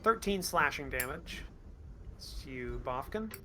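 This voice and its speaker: A man's voice: on the high side, animated, slow, noisy background. A man narrating a tabletop game as game master, setting scenes descriptively and calling rolls.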